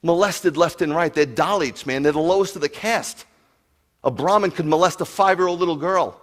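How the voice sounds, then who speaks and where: A man preaching to his congregation, animated, telling stories and asking the crowd questions. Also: on the high side, moderate pace. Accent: New York. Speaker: pastor. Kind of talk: sermon to a congregation.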